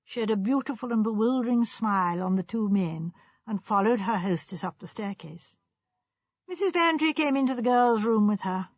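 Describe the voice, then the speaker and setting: A woman reading an audiobook aloud in a measured, expressive manner. Her voice is breathy and fairly high, set in a dry, dull-sounding recording. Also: no echo. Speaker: audiobook reader. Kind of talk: scripted narration.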